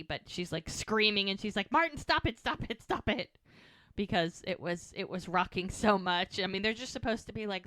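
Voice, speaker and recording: A woman with a bright, forceful voice retells the scenes of a TV episode in casual podcast chat. She tells it as an animated storyteller and breaks off into chatty asides. The sound is close and dry. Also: lowish voice, no room sound. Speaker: podcast co-host.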